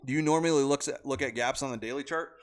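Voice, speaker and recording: A man's voice: mid-range voice, fast talker. A man hosting a casual livestream from home, talking stock trades in a loose, blunt, rambling way at his computer mic. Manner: loose, blunt, rambling talk with chat asides.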